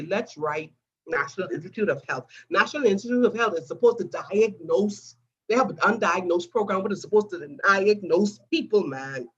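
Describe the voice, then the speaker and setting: A woman's voice: lowish voice, fairly bright tone, breathy edge, highs cut off. Emotional woman giving a testimony. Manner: earnest, addresses listeners as "guys". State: getting emotional. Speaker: nurse sharing a testimony.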